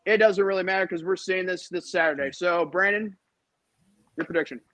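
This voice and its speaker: A man's voice: high-pitched, fairly quick, fairly bright tone, no echo. A man hosting a podcast panel chat, ranting heatedly and repeating himself. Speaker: podcast host.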